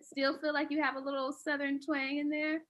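A woman's voice: sits high, flat delivery, normal speed, fairly bright tone. A woman co-hosting a podcast, upbeat as she introduces the guest and asks her questions. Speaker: podcast co-host. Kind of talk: casual podcast chat.

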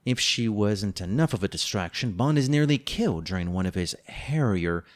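A man's voice: lowish voice, expressive, moderate pace. A man co-hosting a book-review podcast, reading a plot summary with playful, teasing, mock-dramatic asides. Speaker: podcast co-host.

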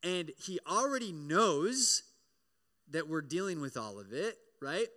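A man preaching a sermon as pastor, in an animated, conversational way, often checking in with "right?" and acting out the prayers he quotes. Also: a little high. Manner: acts out prayers and voices in quoted lines. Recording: long hall reverb.

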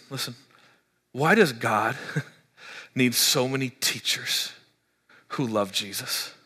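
A pastor preaching a sermon in an animated way, acting out people's complaints in higher voices. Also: male voice. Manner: animated, mimics congregants in high excited voices.

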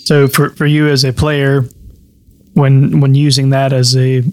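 A man's voice: medium pitch, level tone, a little slow. A man hosting a casual podcast chat as game master, repeating words as he thinks aloud.

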